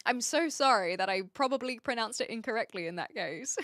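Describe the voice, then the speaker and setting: A woman's voice: a little high, animated, a little fast, a bit bright, dry recording, clean studio sound. Bubbly New Zealand woman streamer. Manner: chatty, laughs often, reads and answers chat. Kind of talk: casual live-stream chat.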